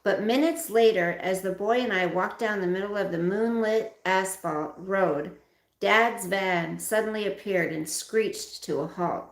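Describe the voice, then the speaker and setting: A woman reads a memoir aloud to her stream viewers, expressive and direct. Her voice is mid-pitched with a gravelly fry. The room around her is echoey. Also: unhurried. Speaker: livestream host reading a memoir aloud. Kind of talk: reading a memoir aloud with casual asides.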